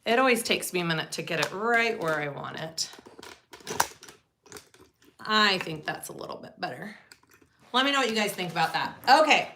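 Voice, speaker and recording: A woman hosts a casual live sewing tutorial from her home sewing space, chatting and greeting viewers by name. Her voice is bright and forward, sitting at a middle pitch. A faint noise runs underneath the recording. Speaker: sewing livestream host.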